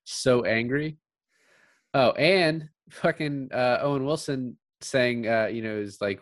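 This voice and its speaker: A man co-hosting a casual podcast, relaxed and given to laughing as he talks about a film. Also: mid-range voice, takes it slowly, dry recording. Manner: relaxed, laughs often, quotes film lines in passing. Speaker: podcast co-host.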